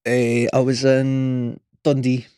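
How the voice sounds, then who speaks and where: A man's voice: mid-range voice, completely flat delivery, takes it slowly, dark tone, clear, resonant tone, no room sound, studio quality. A man with a Scottish accent, co-hosting a casual podcast chat, talking in a hesitant, rambling way full of fillers and restarts. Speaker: podcast co-host.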